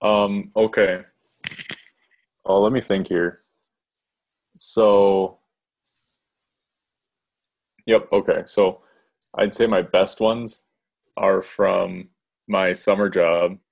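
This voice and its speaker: A young man co-hosting a casual chat, telling a story hesitantly with many pauses. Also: low voice, fairly even intonation, gravelly, a little mellow. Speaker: podcast co-host.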